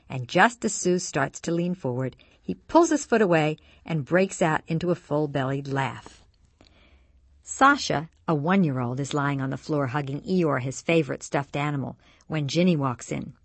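A woman co-hosting a radio show, reading a scripted story in a measured, expressive way. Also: low-pitched, dry recording.

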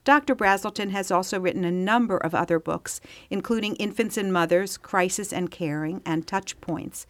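A woman's voice: medium pitch, normal speed, few pauses, no echo. A woman co-host reading out formal guest introductions with a polite, welcoming manner. Her voice is dry and close.

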